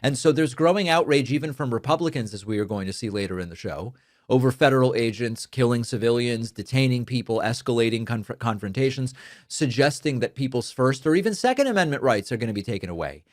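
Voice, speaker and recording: A man's voice: mid-range voice, no room sound, clean studio sound. A man hosting a political commentary show, speaking emphatically and argumentatively, whose first language is Spanish.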